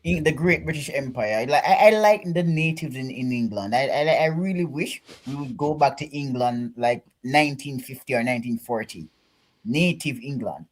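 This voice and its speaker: A man calling into a chat, halting and stammering as he makes a point. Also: mid-range voice, expressive. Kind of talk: casual conversation.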